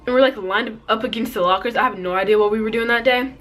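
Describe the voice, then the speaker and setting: A teenage girl telling an animated, slangy storytime, putting on voices for the people in it. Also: fairly high pitch, fast. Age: teens. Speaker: vlogger. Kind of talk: storytime vlog.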